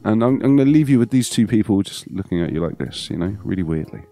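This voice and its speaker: Low mellow male voice, animated ups and downs, playful let's play commentary. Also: fast talker, creaky, faint music behind. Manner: chatty and playful, thinking aloud. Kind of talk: casual gameplay commentary.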